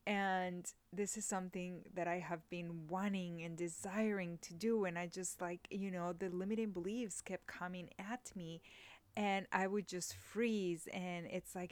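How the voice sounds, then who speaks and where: Mexican-born woman hosting a solo podcast; earnest, heartfelt delivery, smooth voice, dry room. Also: on the low side, fairly even intonation, a little slow, dry recording. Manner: emotional, earnest, mixes soft and emphatic moments. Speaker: podcast host. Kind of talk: casual solo podcast monologue.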